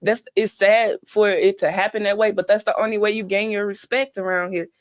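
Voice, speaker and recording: A woman's voice: mid-range voice, steady tone, a little fast. A young woman mentoring kids, talking earnestly in a casual conversation and telling stories with quoted advice. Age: young adult.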